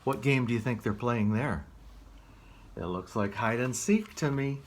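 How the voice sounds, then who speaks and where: A man reading a picture book aloud as a children's librarian, gently asking the listener questions. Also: medium pitch, measured pace, a little hiss or hum.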